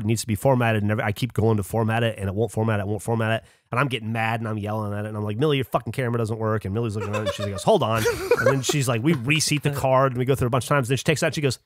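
A man's voice: medium pitch, slight background noise. Swearing, ranting podcast man. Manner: swears a lot, ranting storyteller. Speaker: podcast co-host. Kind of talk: casual chat. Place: podcast studio.

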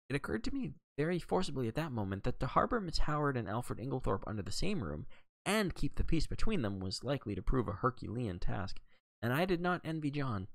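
A man reading a novel aloud with a lively delivery, sometimes stumbling and correcting himself. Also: medium pitch, creaky, no echo. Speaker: reader.

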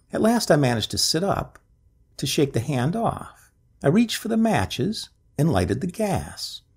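A man's voice: medium pitch, creaky, darkish tone, husky. A man reading a ghost story aloud as scripted narration, with a dramatic, swooping delivery.

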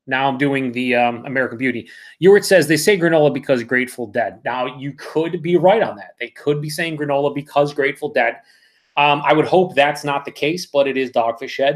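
A fairly high-pitched man runs a live beer review, reading viewer comments aloud in casual, rambling talk and catching himself with corrections.

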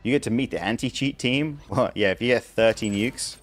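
A man's voice: mid-range voice, a little fast. A young man streaming a game live, chatting casually and explaining things step by step, with frequent restarts. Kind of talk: casual live gameplay commentary.

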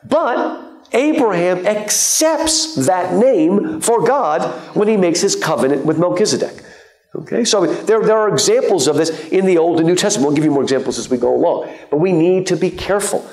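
Male guest lecturer, fairly high voice, chatty and joking, heard in an echoey lecture hall. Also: moderate pace. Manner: lively and joking, with many fillers and asides. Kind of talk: live lecture to an audience.

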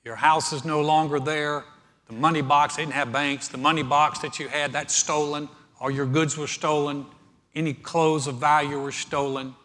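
A male pastor preaching a sermon, earnest, building in force as he quotes scripture. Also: medium pitch. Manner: earnest preaching, swelling louder when quoting scripture. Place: church sanctuary. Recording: church hall reverb.

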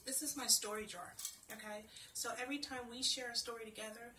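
A woman storyteller, chatty and expressive, reading her own children's story aloud. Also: fairly high pitch, a little fast, echoey room, recorded from a distance, background noise.

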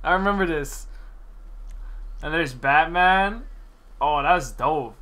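A young man streaming gameplay, chatting casually and excitedly with slang and frequent laughs. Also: fairly high pitch, slow, long pauses.

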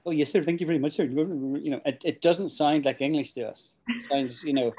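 A man's voice: mid-range voice, darkish tone. A middle-aged man with a Scottish accent, teaching English in a chatty, rambling way with frequent restarts. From Scotland. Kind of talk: casual spoken English lesson.

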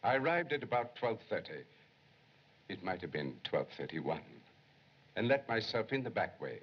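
A man's voice: on the low side, very animated, moderate pace, slightly rough. An actor playing a dutiful male household servant, careful and respectful, in 1930s film acting. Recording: dull 1930s film soundtrack.

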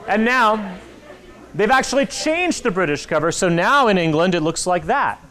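A man in his forties giving an animated talk to children at a library, acting out the voices in his stories. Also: sits high, normal speed, a crowd in the background, background noise. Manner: animated storytelling, acts out quoted voices. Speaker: author speaking to kids. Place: public library hall. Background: audience of children.

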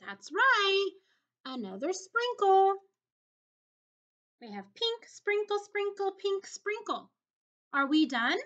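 A woman teacher giving a slow, encouraging video lesson to young children, in a singsong way. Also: extremely high pitch, sing-song, a bit bright, highs cut off.

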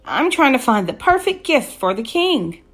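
A woman's voice: high-pitched, big pitch swings, moderate pace, a bit bright, slightly rough, voice pushed up, full character voice. A woman voicing a small, eager bear cub in a storybook read-aloud, speaking earnestly and stammering when nervous. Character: eager little bear boy.

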